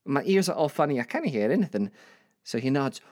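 A woman's voice: extremely low pitch, big pitch swings, brisk, a little mellow, dry recording, studio quality. An older woman telling her life story as a reflective dramatic monologue with wry asides. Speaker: narrator.

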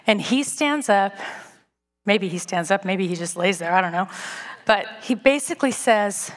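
A woman giving a sermon to a church audience, conversational and self-deprecating, telling stories in an animated way. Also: medium pitch, moderate pace, long reverb tail. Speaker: speaker at a church gathering.

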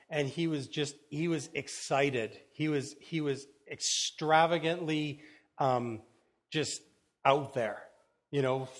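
A man preaching a sermon in an enthusiastic, rambling way, often repeating words as he searches for them. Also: fairly high pitch. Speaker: pastor.

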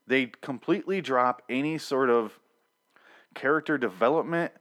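A man's voice: medium pitch, moderate pace, fairly bright tone. A man casually recapping a TV episode, with blunt, profane rants.

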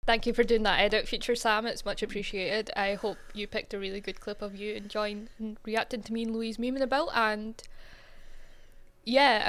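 A woman co-hosting a podcast, telling a story in casual chat and filling her talk with "like". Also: medium pitch. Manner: chatty, says "like" a lot. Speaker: podcast co-host.

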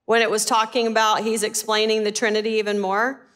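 A woman teaching a Bible lesson in a sermon style, animated and asking her listeners questions. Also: medium pitch, fairly quick.

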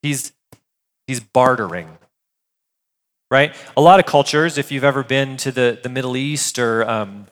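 A man preaching a sermon in a conversational, animated way, reading scripture and then explaining it with everyday asides. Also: medium pitch, measured pace, long pauses, big-room sound. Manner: conversational, animated, with filler words and restarts. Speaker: pastor.

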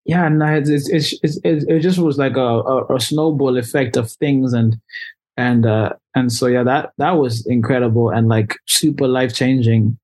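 A man's voice: medium pitch, moderate pace. Chatty young man telling a story. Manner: animated, loose, heavy use of "like". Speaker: musician guest. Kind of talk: casual storytelling interview.

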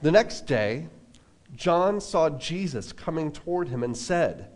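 A man preaching a relaxed sermon at a church service, telling a personal story with casual asides. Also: fairly high pitch, unhurried. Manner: casual, self-deprecating, lots of fillers and asides. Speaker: pastor.

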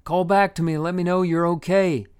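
Narrator doing an anxious, shifty husband, shouting, raised pitch. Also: male voice, fairly even intonation, fairly quick, clear, resonant tone, close to an everyday voice. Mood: shouting anxiously. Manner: shouting across a distance.

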